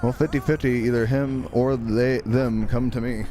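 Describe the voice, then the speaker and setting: A man livestreaming a game, chatting casually with excitable, profane, rambling banter and yelling at teammates. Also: mid-range voice, normal speed. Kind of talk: live gameplay commentary.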